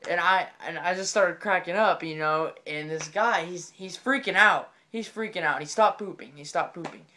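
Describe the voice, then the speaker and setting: A man telling a comedic story in an excitable, rambling way, often repeating his phrases. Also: high voice, moderate pace.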